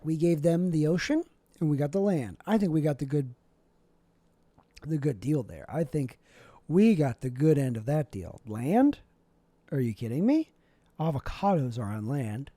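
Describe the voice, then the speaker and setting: A young man delivering a rambling, deadpan comedic monologue with absurd asides, as a vlogger. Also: a little high, moderate pace, long pauses, no room sound.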